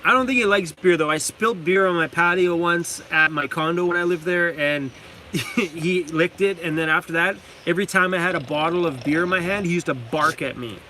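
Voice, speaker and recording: A man's voice: on the high side, fairly quick, bright, forceful tone, a little hiss or hum. A man hosting a casual livestream from inside his van, reading out viewer comments, laughing often and talking to his dog. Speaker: van-life channel host.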